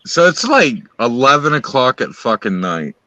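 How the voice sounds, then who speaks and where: A man's voice: medium pitch, very animated, moderate pace, bright, forceful tone, no room sound, poor audio. A man telling a wild personal story on a live stream, rambling and swearing constantly as he relives it. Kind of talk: casual profane storytelling.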